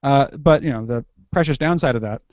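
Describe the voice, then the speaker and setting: A man's voice: medium pitch, a little fast, darkish tone, dry recording. A young man chatting casually as a podcast guest, rambling and restarting his sentences and laughing often. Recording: dull lo-fi recording.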